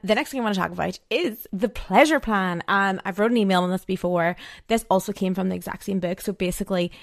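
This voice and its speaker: A young woman talks through her own podcast in a loose, chatty way, full of fillers, slipping into little acted-out quotes. Her voice sits at an ordinary middle pitch, recorded close and dry with no room sound. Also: creaky, dry recording. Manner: chatty, frequent "like" fillers, acts out quoted dialogue. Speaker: podcast host. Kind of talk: casual solo podcast monologue.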